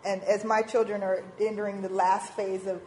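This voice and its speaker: A woman in her forties giving an informal church talk on parenting, animated and acting out little quoted voices. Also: mid-range voice, normal speed, a little hiss or hum, poor audio. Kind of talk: informal sermon talk with slides.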